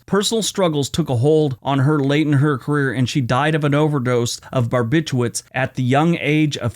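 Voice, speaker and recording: A man hosting a casual history show with a slight lisp after dental work, mixing read facts with chatty personal asides. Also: fairly high pitch. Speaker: host.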